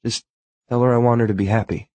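A man voicing a heartbroken young man who talks hoarsely and haltingly. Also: mid-range voice, steady tone, warm tone, dry recording, natural voice. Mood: strained sad.

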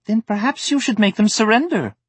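A man voicing a small feathered female alien creature with a wispy, high, mocking voice in an audiobook. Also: brisk, breathy edge, dry recording. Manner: mocking, matter-of-fact.

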